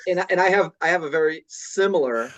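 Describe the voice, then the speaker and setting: Halting man from Boston. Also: on the high side, fairly bright tone. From Boston area, USA. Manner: halting, repeats words while starting sentences. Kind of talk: casual podcast conversation.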